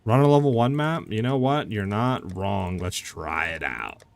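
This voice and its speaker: A man's voice: fairly low pitch, expressive, unhurried, creaky, no echo. A young man streaming a game, chatting casually and answering chat questions with lots of "like" fillers. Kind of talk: casual live-stream commentary.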